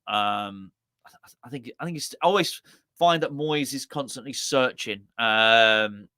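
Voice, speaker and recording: A man's voice: mid-range voice, pushed and bright, clear, resonant tone, no echo. A man hosting a live football fan stream, chatting loosely and reading out viewer comments with lots of stammered restarts. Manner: rambling, stammering restarts, chatty and self-deprecating. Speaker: host of fan channel watch-along.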